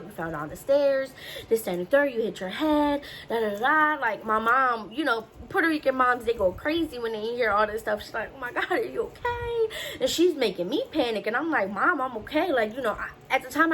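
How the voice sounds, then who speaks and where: A woman's voice: a little high, rough recording. A young woman tells a personal story straight to her viewers in a loose, chatty way. She slips into other people's voices when she quotes them. A faint background hum sits under her voice. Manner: chatty, animated, acts out quotes. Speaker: vlogger. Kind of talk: casual storytelling.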